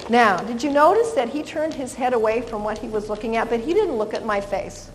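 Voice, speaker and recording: A woman's voice: a little high, lively intonation, brisk, hardly any pauses, slight background noise. Cheerful woman dog trainer in a hall. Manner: cheerful, talks to the dog in a sweet voice. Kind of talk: live training seminar demonstration.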